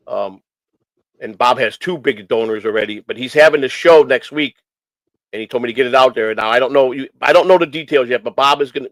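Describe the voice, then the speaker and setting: Casting note Male stream host, mid-pitched, dry close sound, rambling and heartfelt, stumbles and repeats himself. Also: fairly bright tone, no echo, poor audio. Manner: rambling, repeats phrases, many restarts; earnest and emotional. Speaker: host of a morning stream show. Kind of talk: casual rambling talk.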